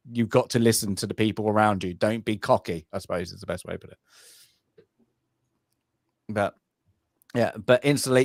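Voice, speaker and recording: On a dry, studio-quality recording, a British man with a lowish voice co-hosts a podcast. He talks casually about a film, rambling and leaning on fillers and restarts.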